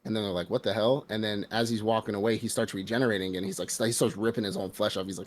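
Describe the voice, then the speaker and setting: A man co-hosting a casual podcast, telling a movie's story in relaxed, slangy talk. His voice sits fairly low. He drops into brief character voices as he goes. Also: fast talker, hardly any pauses. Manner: animated retelling with put-on character voices, slangy. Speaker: podcast co-host. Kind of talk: casual chat recapping a film.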